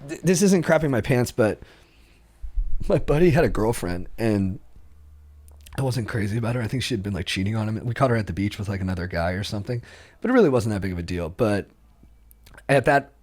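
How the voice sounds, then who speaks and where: Man telling a story with animated delivery. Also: lowish voice, brisk, long pauses. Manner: animated, acts out quotes, laughs through his stories. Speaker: comedian guest. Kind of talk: casual podcast storytelling.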